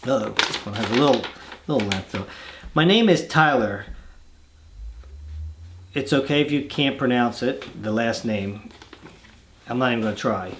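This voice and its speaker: A relaxed man hosting a home video channel, reading fan letters aloud at an ordinary pitch. He breaks off into easygoing, rambling asides, restarting his sentences as he goes. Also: moderate pace, long pauses, a little hiss or hum.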